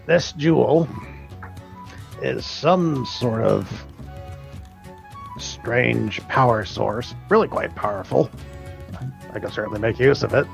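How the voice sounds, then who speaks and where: Strax, a man voicing him, slow and gravelly. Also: medium pitch, faint music behind. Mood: pondering. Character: Strax, a scheming party member. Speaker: player. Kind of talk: tabletop role-play in character.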